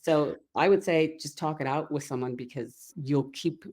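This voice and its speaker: Low-voiced upbeat woman coach. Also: moderate pace, darkish tone. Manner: upbeat and chatty, often laughs. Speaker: business coach guest. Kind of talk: casual podcast interview.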